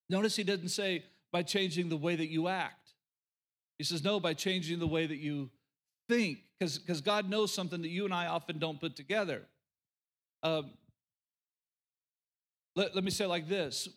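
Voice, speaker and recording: A man's voice: high voice, a bit bright. A middle-aged man from rural Oklahoma preaching a sermon, emphatic and folksy, repeating his key lines for the congregation. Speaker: pastor.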